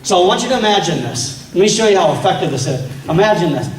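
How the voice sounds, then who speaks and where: A man's voice: high voice, animated, fast talker, a little hiss or hum. A man giving a fiery political speech at a meeting, rousing the crowd with rhetorical questions. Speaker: political speaker. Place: meeting hall. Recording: echoey hall from far off.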